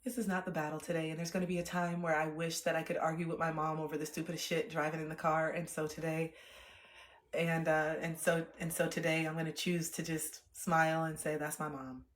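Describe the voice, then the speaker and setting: A young woman streaming, chatting candidly and reflectively, swearing freely and getting animated when she retells things. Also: deep voice, a little fast. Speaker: livestreamer. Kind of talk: candid casual livestream chat. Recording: roomy echo.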